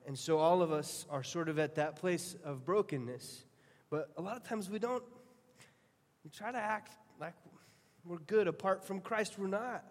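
A male pastor preaching a sermon, earnest and storytelling, often restarting his phrases. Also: sits high. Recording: long hall reverb.

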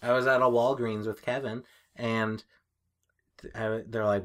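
A man's voice: medium pitch, little pitch movement, fairly bright tone. A man from New England co-hosting a casual podcast, telling stories and laughing easily. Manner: laughing, storytelling, quick quips. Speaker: podcast co-host.

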